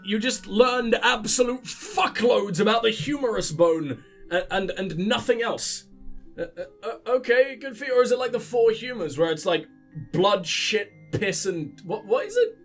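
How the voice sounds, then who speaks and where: A man's voice: high voice, expressive, normal speed, soft background music. A man giving profane, sarcastic, rambling commentary while playing a video game. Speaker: let's play host. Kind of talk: gaming commentary.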